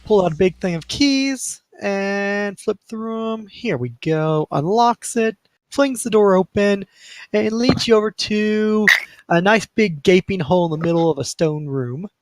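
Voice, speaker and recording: A man's voice: high voice, unhurried. A man narrating a tabletop game as game master in an easygoing, descriptive way.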